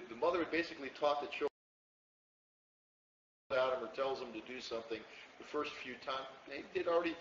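Recorded from afar in a church hall, this fairly high-pitched man preaches to a small congregation in a conversational style, checking in with "okay?" again and again. The lo-fi room audio echoes and carries a little hiss or hum.

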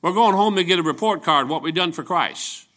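A man's voice, pitched a little high and ringing with a bright edge, carries a church sermon. He preaches as a traveling evangelist, telling down-to-earth stories and often doubling back to restart a sentence. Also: lively intonation, brisk. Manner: folksy, storytelling preaching with frequent restarts.

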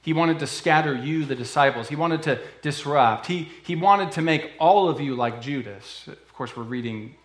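A man preaching a sermon in an earnest, conversational way, often pausing with fillers. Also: a little high, roomy sound. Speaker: pastor.

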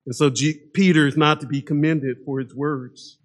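A male pastor preaching a sermon, emphatic, dropping low and quiet then rising to strong stress. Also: fairly even intonation, moderate pace. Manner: emphatic, swings between loud stress and low hushed lines.

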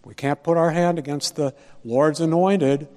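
A man's voice: a little high, fairly even intonation, a little slow, a little mellow, big-room sound, natural voice. A man reading out the words of a steadfast young warrior in a firm, resolute voice. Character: steadfast young male warrior refusing to strike.

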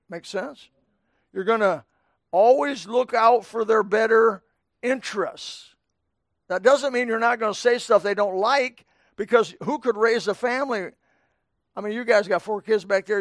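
A middle-aged man preaches to his church in a homespun, chatty manner, often turning to speak to people in the pews. His voice sits high for a man, and the sound is close and dry, with little room echo. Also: fairly bright tone. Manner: folksy, conversational preaching with asides to the congregation. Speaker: pastor. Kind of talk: sermon. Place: church sanctuary.

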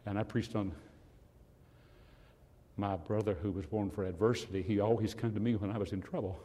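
An older man preaching a sermon in a church, animated and swinging between loud and hushed passages, with a husky voice. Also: on the low side, a little fast, in a large hall.

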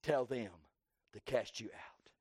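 A man preaching a sermon with fervor, swinging between loud cries and hushed tones and repeating his phrases for emphasis. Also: medium pitch, slow, slightly rough, no echo, clean studio sound.

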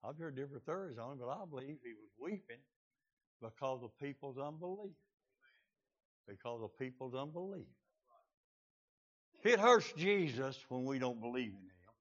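A man preaching a fiery, folksy storytelling sermon, filling pauses with "uh" and shouts of praise. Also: mid-range voice, animated. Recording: slightly muffled lo-fi recording.

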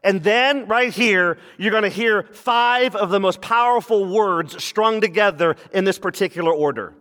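A pastor preaching a sermon, animated, with playful asides and quick mock voices. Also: male voice, high-pitched, long reverb tail.

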